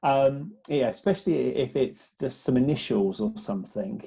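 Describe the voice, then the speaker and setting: Male interview guest, business development, halting speech, mellow gravelly tone. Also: medium pitch. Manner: hesitant, many restarts and fillers. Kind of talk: conversational interview.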